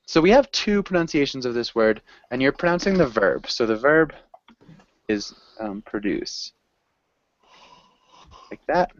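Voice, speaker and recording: A man's voice: mid-range voice, expressive, normal speed, lo-fi sound, slight background noise. A man teaching an English class, patient and encouraging as he explains pronunciation. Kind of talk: online group language lesson.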